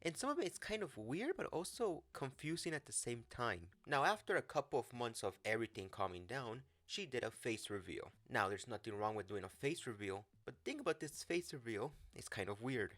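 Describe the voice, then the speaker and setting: A man's voice: mid-range voice, expressive, moderate pace, few pauses, a bit bright, dry recording. Blunt man doing casual commentary. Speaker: commentary channel host.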